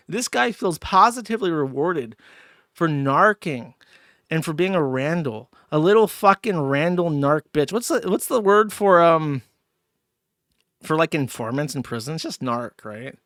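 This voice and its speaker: A man's voice: fairly high pitch, animated, moderate pace, fairly bright tone, no room sound, clean studio sound. A man hosting a livestream, ranting angrily and profanely, with mocking asides. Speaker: streamer host. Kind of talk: angry livestream rant.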